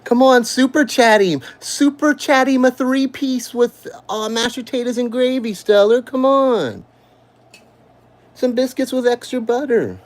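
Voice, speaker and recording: A woman quietly recounting a personal ordeal in a halting way. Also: fairly high pitch.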